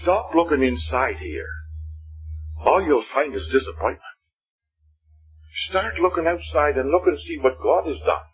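A man preaching a gospel sermon, earnest and pleading, with a husky voice that rises and falls. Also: fairly high pitch, expressive, measured pace, long pauses, highs cut off, faint music behind. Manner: earnest, rising and falling pleading delivery.

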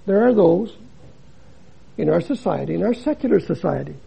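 An older man, a missionary preacher, giving a dramatic sermon that swings between loud emphasis and hushed drops. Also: high-pitched, animated, normal speed, creaky, husky, poor audio.

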